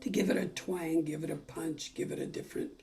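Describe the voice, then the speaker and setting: A woman's voice: low voice, steady tone, a little fast, creaky, music in the background. A woman teaching a casual ukulele lesson, chatting and singing along while calling out chords.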